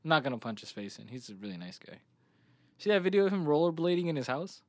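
A man co-hosting a podcast, a little out of breath, talking in a loose, joking way full of fillers. His voice sits slightly high, and the close recording is dry, with no room sound. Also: big pitch swings, fast talker, a little mellow, no echo. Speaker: podcast co-host. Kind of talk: casual podcast chat.

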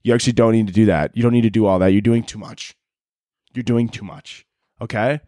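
A man's voice: fairly low pitch, fairly even intonation, fairly quick, mellow, dry recording, clean studio sound. A young man hosting a podcast on his own, ranting sarcastically with lots of swearing. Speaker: podcast host. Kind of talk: solo comedic rant.

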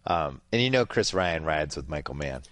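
A man hosting a podcast in casual chat, offhand and wry, talking in quick bursts. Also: rumbling low, sing-song, fairly bright tone. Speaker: podcast host.

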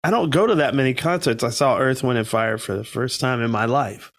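A man co-hosting a podcast, chatting in a relaxed, reflective way with loose phrasing. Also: mid-range voice, fairly quick. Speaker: podcast co-host. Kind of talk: casual podcast chat.

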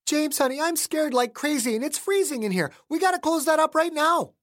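A chatty, rambling country wife with a high, bright voice, as a male narrator puts her on. She runs her words together and frightens easily, like a woman in a dark storybook tale. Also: animated, a little fast. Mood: scared. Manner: talkative, rambling. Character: chatty rural wife in a bathrobe, easily scared.

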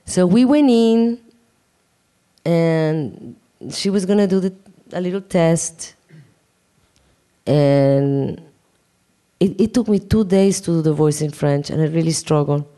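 Animated woman telling a story. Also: fairly low pitch, slow pace, long pauses. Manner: animated, laughing, acts out quoted dialogue. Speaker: guest answering questions. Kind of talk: casual storytelling and Q&A.

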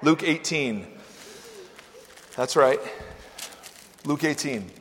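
A male pastor giving a conversational sermon, with animated swings between loud, emphatic lines and soft asides. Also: fairly high pitch, very slow, a little hiss or hum. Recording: long church-hall reverb.

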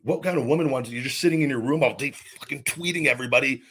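A man's voice: medium pitch, very fast, vocal fry, sharp tone, breathy edge. A man hosting his own podcast, delivering a heated, profane rant full of repeated restarts. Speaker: podcast host. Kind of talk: podcast monologue.

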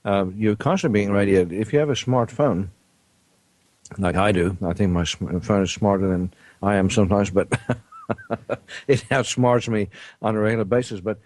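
A man hosting a casual radio health talk show from a studio, halting often with ums and uhs. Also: fairly low pitch, darkish tone, no echo.

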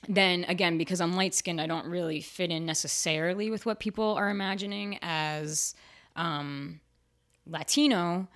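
A woman actor and writer talking frankly in a casual interview, full of "like" fillers, her voice jumping high whenever she quotes herself. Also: normal speed. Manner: chatty and frank, fillers like "like", jumps high when quoting herself. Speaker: actor and writer, podcast guest.

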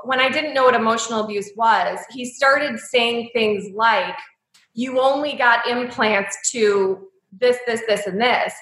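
Candid, bright-voiced woman in an echoey room. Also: on the high side. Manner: candid, emotional, speaks with many likes and ums. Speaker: guest. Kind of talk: personal storytelling in an interview.

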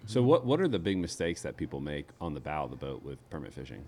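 A man's voice: extremely low pitch, sing-song, quick pace, darkish tone, a little hiss or hum. A man interviewing a fishing guide, asking questions with hesitant restarts.

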